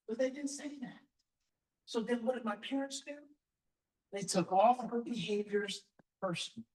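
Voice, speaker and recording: A man's voice: very high voice, moderate pace, pauses often, darkish tone. A man giving a live parenting seminar, talking with passion and repeating key points for emphasis. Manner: impassioned, emphatic repetition. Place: seminar hall with audience. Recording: echoey hall, distant mic.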